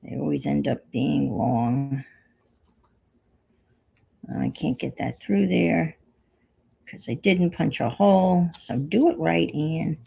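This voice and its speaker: A woman's voice: sits low, takes it slowly, vocal fry, long pauses, warm tone, breathy edge. A woman hosting a craft livestream, chatting casually and muttering to herself as she works. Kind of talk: casual chat while crafting.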